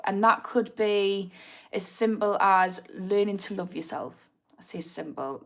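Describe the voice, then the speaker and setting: A woman from the north of England with a broad Geordie accent, talking straight to her viewers in a casual livestream. She is chatty and encouraging, laughs easily, swears now and then, and keeps the talk loose and friendly. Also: medium pitch. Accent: Newcastle (Geordie). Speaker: addiction therapist hosting a livestream. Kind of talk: casual livestream chat, reading out viewer comments.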